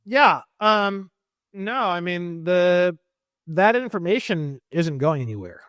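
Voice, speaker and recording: A man's voice: high-pitched, lively intonation, slow pace, fairly bright tone, clean tone, dry recording. Heated, profane man ranting. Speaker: guest. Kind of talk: casual interview talk.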